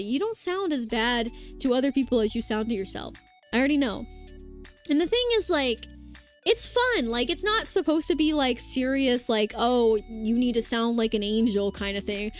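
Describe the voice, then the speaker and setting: High-voiced young woman rambling on stream. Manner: rambling, filler-heavy, reads chat aloud. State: sore throat after hours of talking. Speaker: vtuber streamer. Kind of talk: casual livestream chat. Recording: faint music behind the voice.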